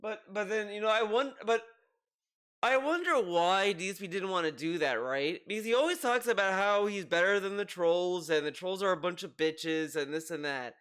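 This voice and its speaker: A man with a high-pitched, smooth and resonant voice talks through his commentary in a loose, rambling way. His tone stays mocking and sarcastic as he picks apart what he has watched. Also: expressive, normal speed, a bit bright. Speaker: commentary youtuber. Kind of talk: video commentary.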